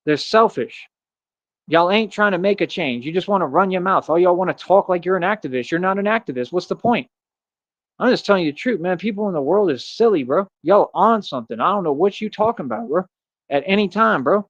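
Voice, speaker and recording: A man's voice: high-pitched, no room sound. A man ranting in a rambling, repetitive monologue on his livestream, peppering his talk with "bro" and "man". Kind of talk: casual monologue rant. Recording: dull lo-fi stream audio.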